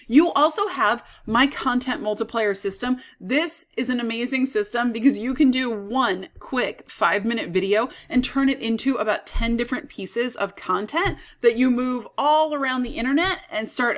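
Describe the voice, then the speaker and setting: Upbeat woman giving a sales pitch. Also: normal speed, few pauses. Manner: upbeat, persuasive, self-aware salesy. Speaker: business coach.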